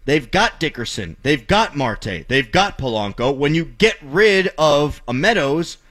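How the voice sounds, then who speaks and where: Sports talk host, man, middle-aged, sarcastic, ranting, bright and forceful voice. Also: a little high, big pitch swings, measured pace. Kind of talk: opinionated sports commentary.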